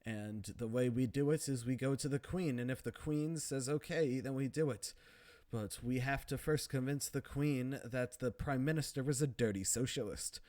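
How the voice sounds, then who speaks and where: A man imitating a smug, scheming aristocratic old lord who calmly lays out a plot. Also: medium pitch, normal speed, no echo, natural voice.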